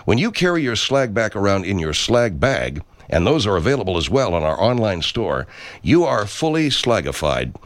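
A man's voice: on the low side, very animated, moderate pace, no room sound. A man in a studio recording pompous self-help promos in an improvised comedy sketch.

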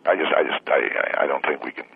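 Gravelly deep-voiced man on a phone line. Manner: slow, halting, full of restarts. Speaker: caller. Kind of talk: call-in radio talk.

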